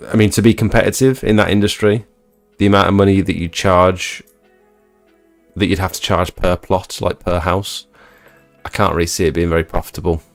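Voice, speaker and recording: A young man hosting a live stream, reading chat and chatting in a laid-back, low-energy way. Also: steady tone, brisk, vocal fry, dry recording, faint music behind. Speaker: livestream host reading chat.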